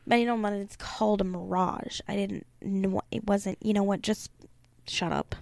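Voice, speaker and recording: A woman's voice: medium pitch, steady tone, normal speed, gravelly, a little mellow, no echo. A young woman co-hosting a podcast, reading aloud and chatting casually, laughing often, teasing and swearing. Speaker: podcast co-host.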